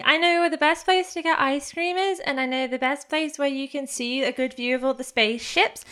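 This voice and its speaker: A woman voicing a curious, excitable young boy who asks breathless, wide-eyed questions. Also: high voice, pitched above the performer's own voice.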